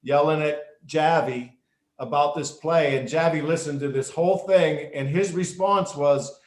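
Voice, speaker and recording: A middle-aged man, a former referee, telling stories in an interview in an animated way, with many restarts. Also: on the high side, a little slow. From United States. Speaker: guest, former football referee and basketball official. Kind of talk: storytelling interview. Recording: echoey room.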